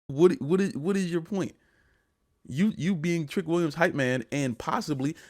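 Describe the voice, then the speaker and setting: A man co-hosting a wrestling podcast, ranting in casual chat and often repeating his words. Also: fairly high pitch. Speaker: podcast co-host.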